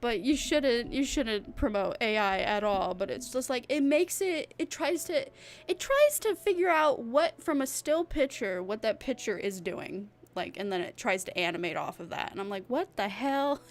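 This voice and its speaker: A woman's voice: a little high, animated, slight background noise. A woman streaming as a VTuber, chatting casually with her live chat in a rambling, giggly way. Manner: giggly, rambling, drawn-out talk.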